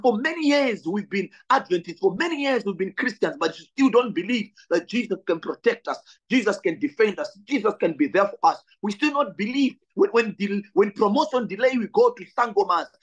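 A man's voice: sits high, lively intonation, brisk, few pauses, highs cut off. A man from Zambia, a pastor preaching a sermon with a repetitive, building delivery and direct appeals to his brothers and sisters.

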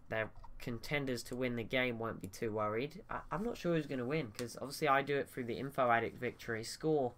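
A man's voice: mid-range voice, a bit bright. A man giving casual, thinking-aloud commentary over a strategy game, often restarting his sentences. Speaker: gaming YouTuber.

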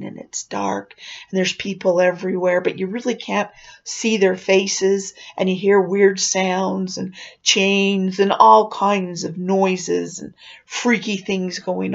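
Over a dull, lo-fi recording, a woman recounts an eerie experience from her own life, whispering at moments to heighten the suspense. Her voice is gravelly and medium-pitched, and the storytelling is dramatic and oral.

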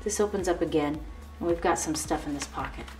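A woman's voice: low voice, a little fast. Gushing, chatty woman tutorial host. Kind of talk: casual show-and-tell demonstration. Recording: slightly distant mic with faint background music.

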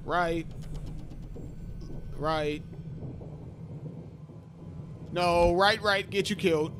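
A man's voice: sits high, fairly even intonation, slow pace, a bit bright, a little hiss or hum. A man in his thirties with a sore voice from talking too much, joking to himself and yelping at scares as he plays a horror game. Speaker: gaming YouTuber.

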